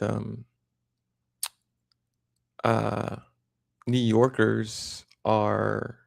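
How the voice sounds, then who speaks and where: A man's voice: medium pitch, creaky, dry recording, studio quality. A man hosting a livestream, rambling in casual chat with lots of fillers and restarts. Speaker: livestream host.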